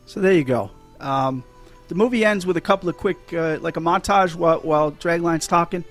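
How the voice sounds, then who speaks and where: A man's voice: fairly high pitch, a little fast, fairly bright tone, faint music behind. A man hosting a casual movie-talk podcast, rambling and stumbling over his words as he gets emotional. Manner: rambling, restarts a lot, emotional. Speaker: podcast host.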